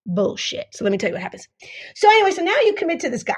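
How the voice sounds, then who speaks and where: A woman coaching on dating, her high voice leaping all over as she acts out little scenes. She talks emphatically and repeats herself for effect. She swears casually along the way. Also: sing-song, rapid-fire. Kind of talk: animated teaching with acted-out stories.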